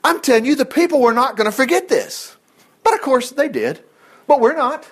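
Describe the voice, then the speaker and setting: Animated high-voiced preacher. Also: male voice, husky. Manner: animated, jumps between loud exclamations and quick low asides. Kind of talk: lively sermon mixing scripture reading and asides.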